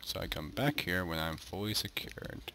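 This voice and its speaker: A man's voice: low voice, normal speed, noisy background. A man giving casual let's-play commentary as a gaming YouTuber, goofy and chatting to the animals in the game.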